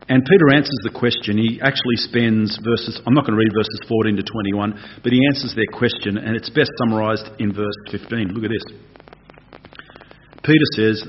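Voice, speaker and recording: A man preaching a conversational, animated expository sermon. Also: mid-range voice, normal speed, a little hiss or hum. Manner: animated, conversational, acts out voices. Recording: dull lo-fi recording.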